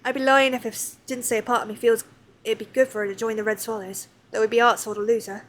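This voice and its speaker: A woman's voice: fairly high pitch, little pitch movement, fast, a bit bright, a little hiss or hum, close to an everyday voice. A woman voicing a chatty, fond old pirate crewmate in a salty sailor's dialect while reading game dialogue aloud. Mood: wistful.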